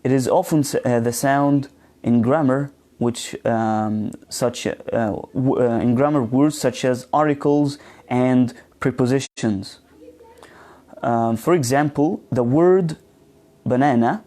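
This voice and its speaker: A man teaching a live online pronunciation class, speaking slowly and hesitantly with many fillers, modeling words and asking students questions. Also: medium pitch, dark tone.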